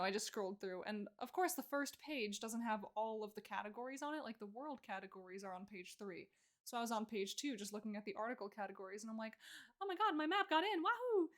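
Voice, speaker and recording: Young woman streamer, kinda high voice, giggly and rambly, lots of likes and ums. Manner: chatty, giggly, lots of fillers. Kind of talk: casual live-stream chat.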